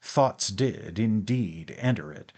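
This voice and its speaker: A man reading a classic novel as an audiobook narrator, in a measured, even way through long sentences. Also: on the low side.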